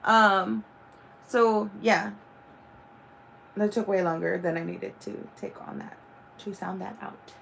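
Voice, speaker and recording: Casual woman streamer, mid-pitched, loose rambling delivery with swearing and fillers. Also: fairly even intonation, slow pace, creaky, long pauses, a bit bright, a little hiss or hum. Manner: rambling and profane, with many fillers. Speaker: livestream host. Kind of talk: casual chat.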